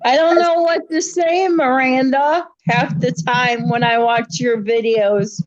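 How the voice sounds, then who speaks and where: A woman's voice: sits high, steady tone, slow pace, no room sound. A woman joining a live stream in casual chat, easygoing and teasing. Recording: dry muffled lo-fi sound.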